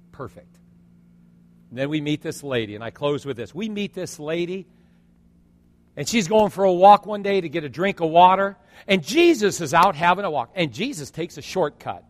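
Preacher with a long hall echo. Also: male voice, on the high side. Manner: storytelling with voiced quotes, swings from loud to hushed. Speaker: pastor. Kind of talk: sermon.

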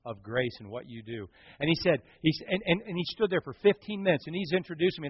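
Husky-voiced man preaching a story. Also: a little high, dry recording, lo-fi sound. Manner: animated storyteller acting out quoted voices, swinging from hushed to loud. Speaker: pastor. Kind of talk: sermon storytelling.

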